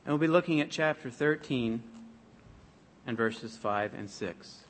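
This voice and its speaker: A man preaching a sermon, reading scripture aloud in a measured, emphatic way. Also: medium pitch, slight background noise.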